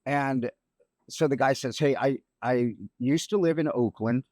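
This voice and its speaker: A middle-aged man, a grieving father, telling a personal story on a podcast in a halting, reflective way with many restarts. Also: medium pitch, a little mellow, dry recording, clean studio sound. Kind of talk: emotional storytelling.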